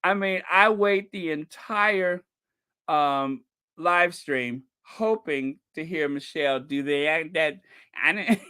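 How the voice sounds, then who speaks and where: A man's voice: fairly high pitch, slow, sharp tone, smooth. A man hosting a commentary channel, talking casually to his viewers with frequent laughter and emphatic asides.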